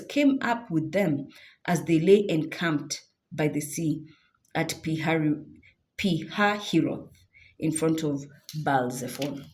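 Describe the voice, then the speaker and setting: Brief: a low-voiced woman reads scripture expressively and breaks in with casual comments. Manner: expressive, animated, adds comments and affirming hums. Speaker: Bible reader. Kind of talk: scripture reading with casual asides.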